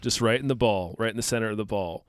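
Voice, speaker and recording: A man co-hosting a podcast, telling an improvised comic story in halting, deadpan narration. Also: fairly low pitch, clear, resonant tone, no echo, clean studio sound. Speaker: podcast co-host. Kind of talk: improvised comedic storytelling game.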